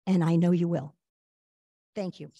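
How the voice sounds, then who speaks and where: A woman guest telling a personal story in an earnest, halting way, with frequent fillers and restarts. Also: on the low side, steady tone, dark tone, no room sound, clean studio sound. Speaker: guest speaker.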